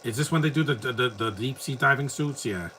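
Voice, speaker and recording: Male host, casual watch-along commentary, bright forceful voice, opinionated and rambling, faint noise behind. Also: medium pitch, brisk, low-quality recording.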